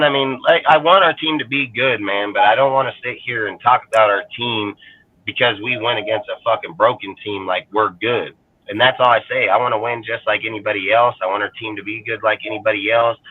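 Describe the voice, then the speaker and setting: A man's voice: lowish voice, a little hiss or hum. A man ranting heatedly about his football team in profane fan commentary. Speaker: fan show panelist. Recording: phone-like call audio, dry.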